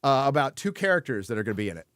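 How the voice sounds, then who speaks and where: A man's voice: mid-range voice, big pitch swings, rapid-fire, a bit bright, no echo, clean studio sound. A man hosting a casual chat show, blunt and frequently swearing, laughing between remarks. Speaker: host.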